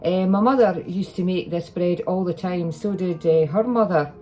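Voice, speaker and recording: A woman's voice: lowish voice, moderate pace, dark tone, faint music behind. A Scottish woman chatting in a rambling way in her home kitchen while she bakes, filmed on a phone, often restarting her sentences. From Scotland. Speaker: home cooking vlogger. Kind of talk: casual chat while baking. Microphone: iPhone.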